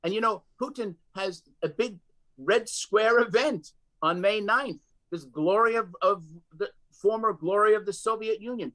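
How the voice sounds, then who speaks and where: Man, guest commentator, emphatic, repeats words, somewhat high pitch. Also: unhurried, a bit bright, low-quality recording. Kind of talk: political interview.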